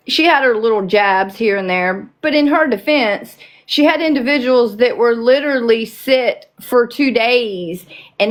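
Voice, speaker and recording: Brief: female streamer, heated commentary, emphatic and cussing, unhurried pace. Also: on the high side. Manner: profane, emphatic, indignant. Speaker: livestream host.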